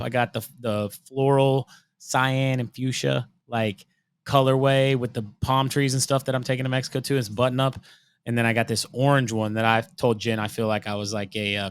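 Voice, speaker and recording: A man's voice: mid-range voice, clean tone. A man in his thirties co-hosting a podcast over a video call, rambling in casual chat and slipping into silly accents. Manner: rambling, animated, likes doing silly accents. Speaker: podcast co-host. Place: home room.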